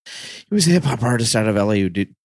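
A young adult man co-hosting a podcast, trading quick jokes and banter in casual chat. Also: on the low side, animated, no echo, studio quality. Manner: joking banter, quick quips. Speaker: podcast co-host.

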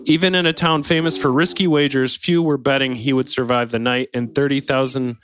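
A man's voice: medium pitch, steady tone, a little fast, fairly bright tone. A man co-hosting a casual podcast, reading an article aloud and breaking off to joke and riff with friends. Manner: playful, jokey, breaks off to riff.

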